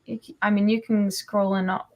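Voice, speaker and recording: A woman's voice: medium pitch, little pitch movement, normal speed, darkish tone. A woman comic artist talking casually on a livestream, explaining her process with many ums and you-knows.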